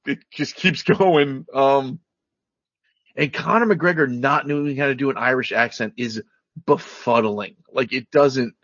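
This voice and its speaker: A man's voice: mid-range voice, measured pace, a bit bright, dry recording. A man co-hosting a casual movie review chat, rambling and jokey, with lots of "like" fillers. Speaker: podcast co-host. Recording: dull lo-fi sound, dry.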